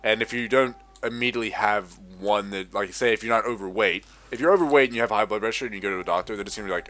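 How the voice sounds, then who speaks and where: A man's voice: on the low side, fast, sharp tone. A young man ranting profanely in a casual gaming commentary. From Australia. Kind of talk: casual rant over gameplay.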